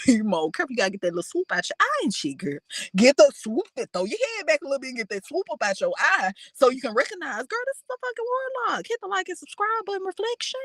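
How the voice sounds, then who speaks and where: A reaction host delivers sassy, profane commentary straight to the viewer. The pitch swings widely and expressively. The recording is dry and close, with no room sound. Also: very animated, fast, fairly bright tone, no echo.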